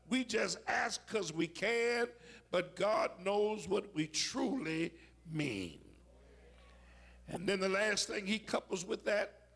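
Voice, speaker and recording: Husky, gravelly-voiced preacher man. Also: high voice. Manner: storytelling with dramatic shouted peaks. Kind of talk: sermon.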